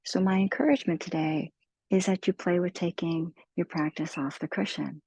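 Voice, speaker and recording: A woman leading a guided mindfulness talk with a low, husky, slightly gravelly voice. She speaks slowly and gently, in a soothing, unhurried way. The sound is dry and close, with no room around it. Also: fairly even intonation, dry recording, rough recording. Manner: slow, gentle, soothing delivery. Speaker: meditation teacher.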